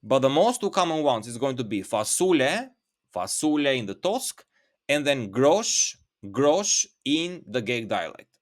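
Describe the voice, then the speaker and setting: A man's voice: mid-range voice, big pitch swings, measured pace. A man teaching a vocabulary lesson, speaking patiently and repeating each word several times. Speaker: Albanian language teacher.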